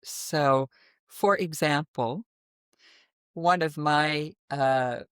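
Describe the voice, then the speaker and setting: A woman from the American Midwest with a naturally deep voice, an interview guest telling her story expressively and animatedly. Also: extremely slow, smooth, no room sound, clean studio sound. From middle of the United States. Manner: expressive, animated storytelling with sudden vocal demonstrations. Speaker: guest, voice teacher. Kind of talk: conversational interview.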